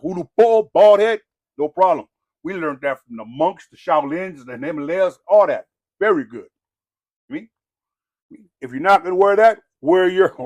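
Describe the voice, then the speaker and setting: High-pitched and recorded dry in a clean studio, this man delivers a ranting monologue. His accent is Southern Californian with Samoan influence, and his rant is rambling, preachy, blunt and profane, full of "you know what I mean".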